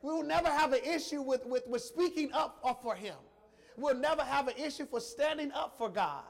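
A man's voice: very high voice, gravelly. A man preaching a sermon, emotional and emphatic, repeating phrases and calling out to the congregation. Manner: emphatic, repetitive, slow emphasis; emotional, addresses congregation directly.

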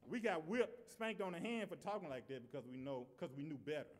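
A man's voice: on the high side, a little fast. A man preaching a sermon in a conversational way, repeating and restarting phrases.

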